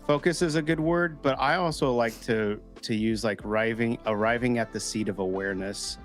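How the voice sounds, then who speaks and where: A man's voice: moderate pace, soft background music. A man hosting a casual recovery group chat, talking animatedly and acting out inner voices. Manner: animated, acts out inner voices with pitch jumps. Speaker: podcast host.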